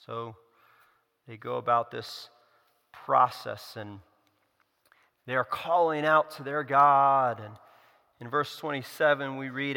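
A man's voice: mid-range voice, steady tone, unhurried, creaky, pauses often, sharp tone. A man preaching a sermon, retelling a scripture story with sarcastic asides. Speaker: pastor. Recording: long hall reverb.

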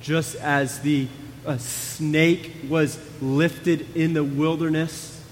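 A male pastor preaching a sermon in a conversational way, moving between hushed and emphatic. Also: a little high, flat delivery, very slow, big-room sound, a little hiss or hum.

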